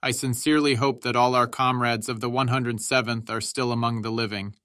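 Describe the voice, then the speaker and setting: A man's voice: medium pitch, fairly even intonation, fairly quick, fairly bright tone, clear, resonant tone, no echo, clean studio sound, lightly acted. A man voicing a cold, wry soldier on lookout who speaks matter-of-factly.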